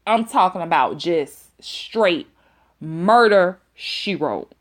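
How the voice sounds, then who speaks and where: A woman's voice: on the low side, animated, slow pace. A woman telling a dramatic story to her viewers, emphatic and repeating lines for effect, with folksy exclamations. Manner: folksy terms of address, exclaims. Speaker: storytime vlogger.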